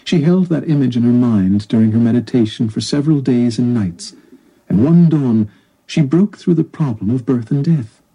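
A man reads a story aloud in a calm, measured narration. His voice is very dark and mellow, with a husky grain. He sits at a middle pitch. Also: rough recording. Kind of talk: scripted audiobook narration.

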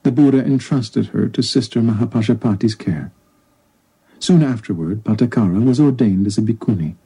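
A man narrating a story in a calm, measured audiobook reading. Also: on the low side, breathy edge, low-quality recording.

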